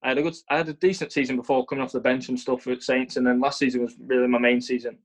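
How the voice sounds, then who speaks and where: A man's voice: mid-range voice, little pitch movement, racing. Young Englishman, earnest, stumbling restarts. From England. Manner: earnest, repeats and restarts words often. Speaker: professional footballer, interview guest. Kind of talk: casual interview answers.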